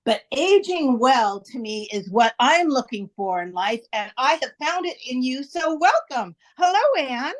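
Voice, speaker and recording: High-voiced chatty podcast hostess. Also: female voice, very animated, a little slow, few pauses. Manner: chatty, laughs often, stumbling restarts. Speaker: podcast host. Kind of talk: casual podcast introduction.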